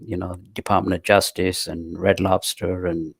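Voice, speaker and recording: An older man with a London accent tells chatty stories as a podcast guest. His voice sits low, and he often restarts his sentences. The sound is dry and close, with no room around it. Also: little pitch movement, normal speed, vocal fry, no echo. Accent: London English. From England. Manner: chatty anecdotes with frequent restarts. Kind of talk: casual storytelling chat.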